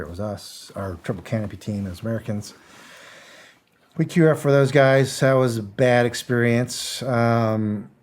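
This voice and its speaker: A middle-aged man, a guest on an interview show, telling a story in a casual, blunt way, acting out the dialogue and chuckling often. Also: fairly low pitch. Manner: animated storyteller, acts out quotes, chuckles. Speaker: guest, former security contractor.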